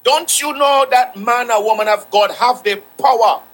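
Emphatic high-voiced preacher. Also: male voice, normal speed, fairly bright tone, low-quality recording. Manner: repetitive, emphatic preaching with scripture quotes. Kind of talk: sermon.

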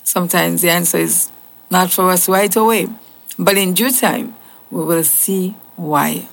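Slow, gravelly-voiced woman teaching scripture. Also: on the low side. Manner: slow, earnest, conversational, with casual asides. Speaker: Bible teacher. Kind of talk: devotional Bible teaching.

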